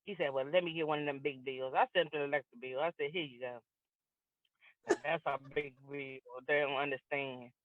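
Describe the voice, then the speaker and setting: A woman's voice: sits low, no room sound. Woman comic on a tinny video call. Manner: lively storyteller acting out both sides of dialogues. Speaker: comedian. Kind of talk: stand-up comedy set over a video call.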